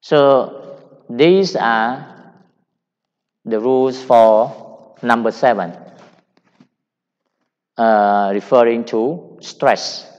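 A man with a Cambodian accent teaching English grammar, explaining slowly and repeating each point. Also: mid-range voice, darkish tone. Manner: slow, repetitive, deliberate explaining. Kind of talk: grammar lecture. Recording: dull sound in a long-reverb hall.

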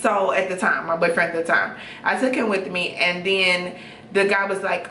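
A young woman telling a story casually, chatty and animated with lots of fillers. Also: on the low side, moderate pace, distant mic, slight background noise. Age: young adult. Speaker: vlogger. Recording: roomy room, off-mic.

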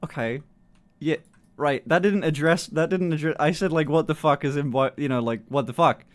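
A man's voice: on the high side, normal speed. A young man streaming, chatting casually and laughing through exasperated banter with a friend. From England. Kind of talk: casual chat.

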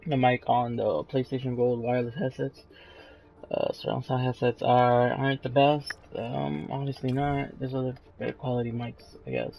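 A tired young man giving casual, low-key gameplay commentary into a headset mic, trailing off with fillers. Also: normal speed, creaky, a little mellow. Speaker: gaming YouTuber. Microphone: gaming headset mic.

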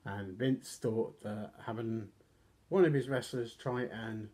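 A man's voice: fairly low pitch, moderate pace, darkish tone, breathy edge. A man giving a casual, rambling wrestling recap, coughing now and then and poking fun at himself. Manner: rambling, self-deprecating, coughs often. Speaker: wrestling reviewer.

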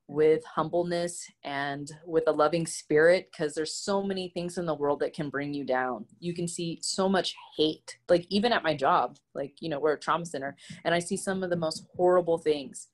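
Low-voiced woman sharing openly. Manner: candid and expressive, animated storytelling. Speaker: interview guest. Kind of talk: casual interview conversation.

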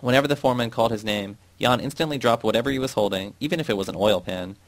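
A man reading a novel aloud in a steady, measured way. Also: mid-range voice, dry recording. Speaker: audiobook reader.

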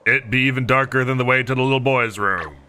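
A man voicing a gruff, hearty toad pirate captain in a pirate drawl mixed with Texan, reading game lines aloud over game music. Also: mid-range voice, quick pace, pushed and bright, close to an everyday voice. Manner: growling pirate exclamations.

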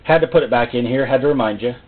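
A man's voice: medium pitch, racing. Preacher man on a tinny line. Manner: emphatic, repeats phrases for stress. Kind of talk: sermon. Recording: tinny phone-like sound.

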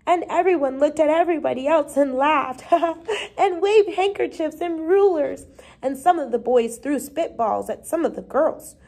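A woman's voice: sits high, moderate pace. Woman reading a children's story aloud. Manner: lively, brief changes of voice for the characters, occasional slips and restarts. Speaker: reader.

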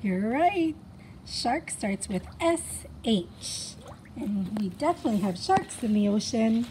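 Young female teacher, lively sing-song delivery, slow and clear, noisy home recording. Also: fairly high pitch. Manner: sing-song, encouraging, sounds out letters. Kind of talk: children's phonics lesson.

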